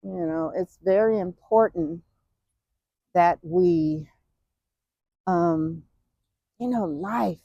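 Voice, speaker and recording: A woman talks slowly as she walks, reflective and emotional, often pausing on fillers. Her voice is warm and mellow. The recording is dry and a bit dull. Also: on the low side, dry recording. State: walking. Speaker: vlogger. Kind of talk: casual walking talk.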